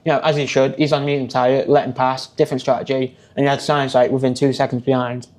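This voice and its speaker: A man's voice: medium pitch, little pitch movement, fast talker, darkish tone. A man speaking as a podcast guest, recounting details in a matter-of-fact way with dry humour. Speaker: guest, motorsport news editor. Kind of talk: casual chat.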